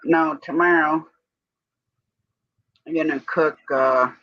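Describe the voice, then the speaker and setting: A woman's voice: low voice, fairly even intonation, takes it slowly, a bit bright, dry recording. A woman co-hosting a live stream in a casual, rambling chat, breaking off now and then to give commands to her dog. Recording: dull lo-fi stream audio.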